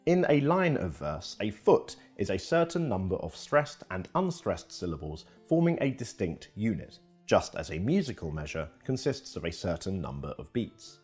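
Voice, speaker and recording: A man reading a scripted educational narration in a lively storytelling manner. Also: sits low, moderate pace, few pauses, slightly rough, faint music behind.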